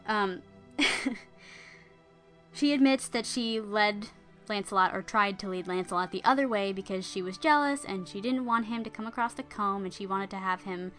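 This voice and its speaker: A woman casually retelling an old legend in a bright, clear voice. She is chatty and drops in wry asides, and faint music plays behind her. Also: medium pitch, normal speed. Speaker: storyteller.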